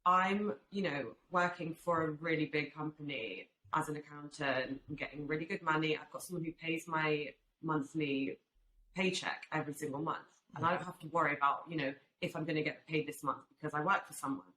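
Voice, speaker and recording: A woman's voice: deep voice, fairly quick, pushed and bright. A young woman in her twenties talking earnestly about her family and business in a casual podcast chat, with plenty of fillers. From Albanian family, raised in UK. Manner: earnest, reflective, many fillers. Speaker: guest, swimwear brand founder. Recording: echoey room with faint background noise.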